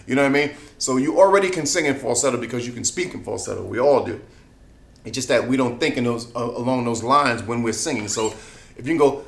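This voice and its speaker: In an echoey room, a singing teacher chats through a casual lesson, laughing easily between points and often asking "you know what I mean?". His medium-pitched voice is a bit bright, with lively intonation and a slightly fast pace.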